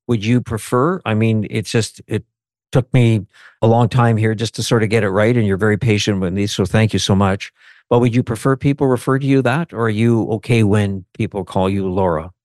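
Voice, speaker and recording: A man's voice: on the low side, normal speed, a little mellow, no room sound, clean studio sound. A man hosting an interview, asking polite, courteous, slightly rambling questions. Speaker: interviewer, host.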